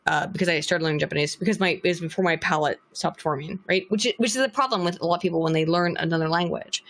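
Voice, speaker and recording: A woman's voice: on the low side, fast, a bit bright. A woman chatting as a guest on a podcast, talking bluntly and swearing freely as she rambles on. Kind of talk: casual podcast chat.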